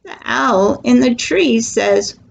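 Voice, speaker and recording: Very slow, sing-song woman storyteller. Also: fairly high pitch, gravelly. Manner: slow, sing-song and animated for small children. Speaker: children's storyteller. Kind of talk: reading a picture book aloud to toddlers.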